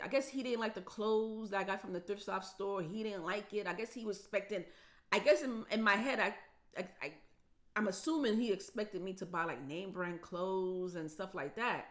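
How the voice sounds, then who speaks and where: A woman's voice: medium pitch, moderate pace. A woman from the United States telling a story in a casual vlog, emotional and repetitive, her voice cracking with tears. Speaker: vlogger.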